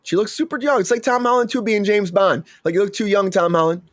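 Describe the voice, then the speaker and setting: A man's voice: sits high, quick pace, no echo, clean studio sound. A man hosting a casual entertainment news chat, rambling and stammering with frequent restarts. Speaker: show host.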